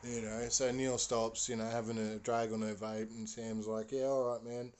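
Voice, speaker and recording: A man's voice: on the low side, completely flat delivery, moderate pace, slight background noise. A man hosting a podcast, telling a story casually and rambling with lots of fillers. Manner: rambling, full of "you know" fillers. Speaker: podcast host.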